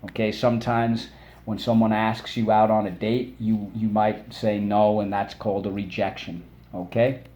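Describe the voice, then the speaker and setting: A man teaching a phonics lesson for children, patient and encouraging, saying words aloud and pausing for the class to repeat them. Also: fairly low pitch, little pitch movement, warm tone. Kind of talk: phonics lesson with call-and-response drills.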